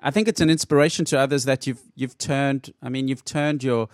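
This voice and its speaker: A man's voice: mid-range voice, steady tone, brisk, no room sound, clean studio sound. A man hosting an interview, talking in a thoughtful way and repeating words as he chooses them. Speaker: podcast host. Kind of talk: conversational interview.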